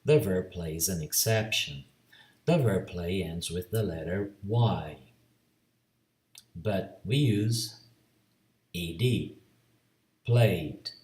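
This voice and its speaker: Brazilian guy teaching grammar real slow, spells letters out, kinda low voice, echoey room a bit off mic. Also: animated, darkish tone, far from the mic. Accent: Brazilian Portuguese. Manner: slow, deliberate, spells out letters and repeats rules. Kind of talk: slow bilingual grammar lesson.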